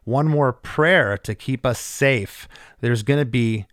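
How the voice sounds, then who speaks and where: A man's voice: medium pitch, slow, no room sound, clean studio sound. A man hosting a podcast, walking through a song part by part in casual, enthusiastic commentary. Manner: enthusiastic, describes the music in detail. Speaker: podcast host.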